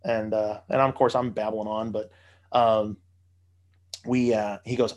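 A man's voice: on the low side, flat delivery, unhurried, pauses often. A man telling a long story in casual podcast chat, profane and rambling with many fillers.

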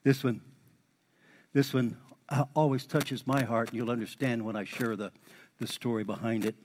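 A middle-aged man preaching a sermon in a folksy way, repeating key lines for emphasis and building into lively exhortation. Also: mid-range voice, moderate pace, a little hiss or hum. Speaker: pastor. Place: church sanctuary. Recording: long hall reverb.

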